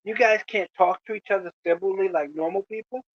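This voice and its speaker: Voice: mid-range voice, fairly quick, no room sound, highs cut off. A video creator giving a preachy, lecturing monologue to the camera, often asking "you know?". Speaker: video creator addressing rival channels.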